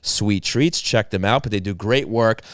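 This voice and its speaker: A man, co-hosting a hockey podcast, moving between casual talk and animated sponsor reads. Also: moderate pace, no echo, clean studio sound. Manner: animated, loud pitch during sponsor reads. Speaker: podcast co-host. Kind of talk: casual hockey talk and live-read ads.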